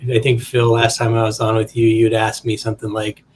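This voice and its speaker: A man who is a guest and indie comic creator in a casual podcast chat, loose and quick to laugh. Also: lowish voice, completely flat delivery, darkish tone. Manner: laughs easily, loose and joking.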